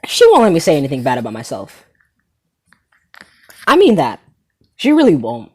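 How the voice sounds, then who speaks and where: A teenage comedy host tells a story in a casual, rambling way, sometimes getting sidetracked. The delivery is animated and loose, with casual swearing. The voice sits at an average pitch. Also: normal speed, husky.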